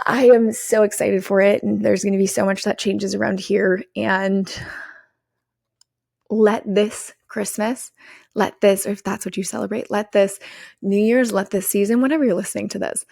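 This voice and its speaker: A woman hosting her own podcast, giving an energetic, swearing pep talk to her listeners. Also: medium pitch, moderate pace, creaky, no echo, studio quality. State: out of breath. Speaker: podcast host and business coach. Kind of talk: solo podcast monologue.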